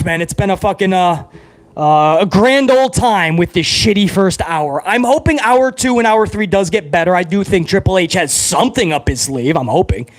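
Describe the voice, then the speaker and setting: High-voiced, wired stream host. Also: male voice. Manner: excitable, swears freely, chatty with viewers. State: over-caffeinated. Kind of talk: live wrestling reaction stream.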